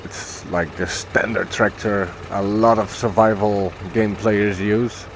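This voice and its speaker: A man's voice: fairly low pitch, steady tone, slow, a little hiss or hum. A man casually commenting on his own gameplay, thinking aloud as he goes and correcting himself along the way. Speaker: gaming video host.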